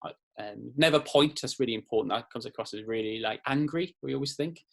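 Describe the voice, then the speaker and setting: A man's voice: mid-range voice, fairly quick, vocal fry. A man presenting an online writing lesson for children in a friendly, explanatory way with frequent fillers. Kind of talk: classroom lesson video.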